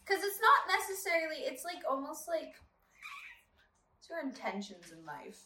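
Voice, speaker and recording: A woman hosting a casual chat, talking in an animated way with lots of fillers. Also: high-pitched. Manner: animated, many "like" fillers, quick laughs. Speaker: podcast host. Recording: echoey room, voice a bit far from the mic.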